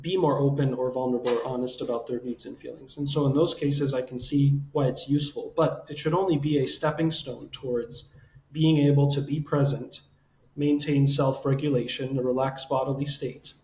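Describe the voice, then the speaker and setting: A man hosting a podcast, a counselor explaining relationship advice in a reflective, measured way. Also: mid-range voice, fairly even intonation, dark tone. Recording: echoey room with faint ambience.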